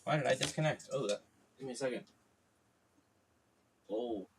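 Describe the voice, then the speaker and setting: A man's voice: mid-range voice, moderate pace, creaky, a little hiss or hum. A young man chatting casually and rambling with profanity and jokey asides while he sculpts on an art livestream. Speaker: art streamer.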